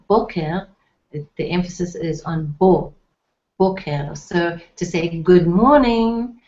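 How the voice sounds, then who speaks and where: A woman's voice: lowish voice, a little mellow. A woman teaching a Hebrew language lesson, patiently repeating words with frequent ums. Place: indoor room, recorded at night. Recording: echoey room, dull lo-fi sound.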